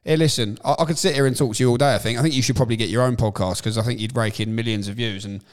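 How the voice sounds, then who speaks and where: A man's voice: medium pitch, steady tone, racing. A man hosting a casual chat interview, laughing along with his guest. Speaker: host.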